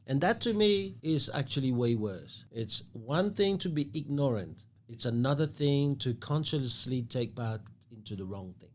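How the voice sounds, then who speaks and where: A man's voice: mid-range voice, lively intonation, normal speed, a little hiss or hum. A man hosting a casual podcast chat, talking emphatically and philosophically and swearing casually. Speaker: podcast host.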